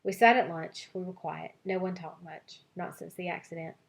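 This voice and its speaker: A woman teacher giving an expressive read-aloud of a children's novel for her class, voicing several child narrators. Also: on the low side, normal speed, vocal fry.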